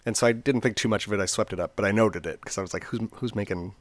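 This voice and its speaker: Brief: low-voiced man, rambling casual storyteller, close dry mic. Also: rapid-fire, no echo. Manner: rambling, chatty, many fillers. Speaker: podcast co-host.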